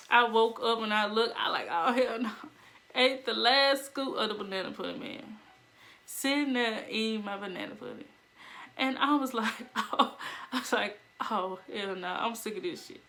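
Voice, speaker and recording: A young woman telling a story casually, animated, laughing and acting out the voices of people in it. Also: fairly high pitch, normal speed. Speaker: vlogger.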